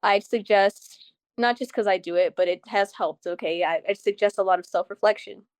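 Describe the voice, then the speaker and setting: A young adult woman joins her mother as a guest on an interview show. She tells her stories in a chatty, animated way, full of quick asides. Her voice sits at a middle pitch in a dry, close recording. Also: no room sound. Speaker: guest's daughter. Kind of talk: casual interview chat.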